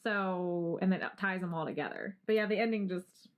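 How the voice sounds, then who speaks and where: A young adult woman co-hosting a podcast in casual chat, animated, laughing often and swearing freely. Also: lowish voice, a little fast, muffled recording. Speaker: podcast co-host.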